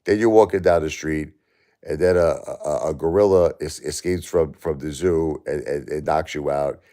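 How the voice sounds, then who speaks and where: A man's voice: extremely low pitch, fairly even intonation, moderate pace, mellow. A man in his forties, a livestream host, talking heatedly and repetitively in an emotional chat with a viewer.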